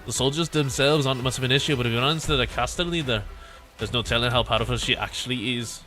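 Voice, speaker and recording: A man's voice: mid-range voice, quick pace, sharp tone, soft background music, close to an everyday voice. A man voicing a brash young female soldier in a put-on Scottish accent while reading game dialogue aloud. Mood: hearty.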